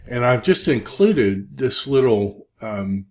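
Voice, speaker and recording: A man teaching a recorded Hebrew lesson, speaking haltingly with many fillers and drilling word forms. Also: medium pitch, animated, darkish tone. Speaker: Hebrew instructor. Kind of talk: recorded lecture.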